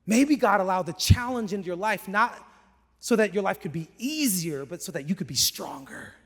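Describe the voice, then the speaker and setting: A man in his forties, a pastor preaching a sermon with chatty, animated storytelling and casual slang. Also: high voice, moderate pace. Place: church auditorium. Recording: echoey large church hall.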